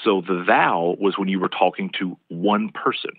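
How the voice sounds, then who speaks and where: A Southern American man with a very low voice, speaking as a professor guest in an interview. He explains patiently in a lecturing way and often restarts his phrases. His voice comes through a tinny, phone-like line with a dry sound. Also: normal speed, no room sound. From East Tennessee.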